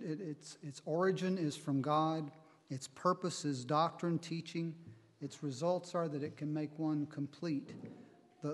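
Preacher man in a reverberant hall. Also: fairly high pitch. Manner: measured Bible reading and teaching, slow on quoted verses. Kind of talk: sermon.

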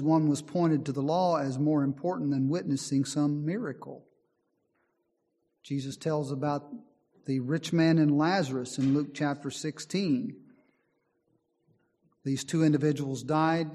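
A man's voice: fairly high pitch, mellow. A man preaching a sermon in an earnest, emphatic way, often reading scripture aloud. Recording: long hall reverb.

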